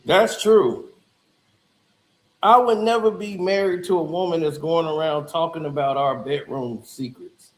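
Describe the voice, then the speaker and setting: A man's voice: on the high side, measured pace, echoey room, low-quality recording. A man hosting casual commentary in a laid-back, conversational way.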